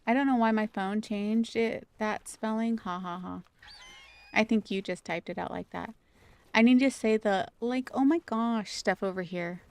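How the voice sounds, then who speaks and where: A woman's voice: medium pitch, moderate pace, creaky, darkish tone, clean tone, no room sound. A woman streaming a video game, chatting casually and playfully with her viewers and laughing often. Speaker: gaming streamer.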